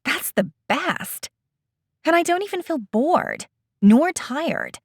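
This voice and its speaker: A woman voicing an impatient, frustrated young female trainee, talking heated and exasperated in a raised, lively voice. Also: a little slow, no room sound, clean studio sound. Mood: frustrated, pleading. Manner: heated, exasperated, higher and louder.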